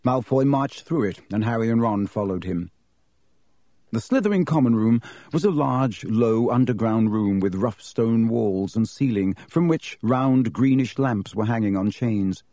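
A man narrating a storybook audiobook in an even, measured reading. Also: mid-range voice, no echo, clean studio sound.

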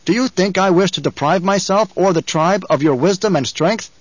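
A man's voice: high-pitched, moderate pace, no echo, dull audio, pitched above the performer's own voice. A man doing a cold, commanding young duke.

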